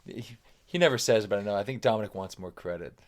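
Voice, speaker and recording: A man's voice: lowish voice, quick pace, a little mellow. A middle-aged man chatting as a podcast guest, rambling and cursing freely while telling self-deprecating stories. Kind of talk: casual chat.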